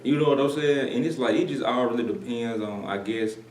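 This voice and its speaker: A man's voice: medium pitch, a little fast, distant mic. Laid-back man chatting, echoey room. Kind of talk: casual chat.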